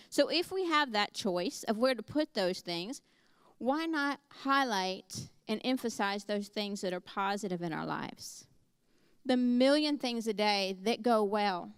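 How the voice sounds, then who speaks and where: Animated woman preaching a sermon. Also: fairly high pitch, smooth, no room sound. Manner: storytelling, animated and conversational.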